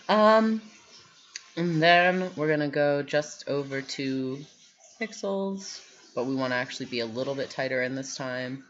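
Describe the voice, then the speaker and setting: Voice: mid-range voice, measured pace, long pauses, a bit bright. A workshop instructor giving a live drawing tutorial, rambling and self-deprecating, with lots of fillers. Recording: muffled lo-fi stream audio.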